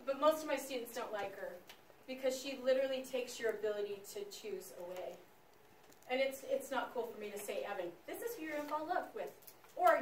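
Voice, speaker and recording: A woman teacher lecturing her class in an animated, chatty way, speaking straight to the students. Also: sits high, a little hiss or hum. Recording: echoey classroom, mic far off.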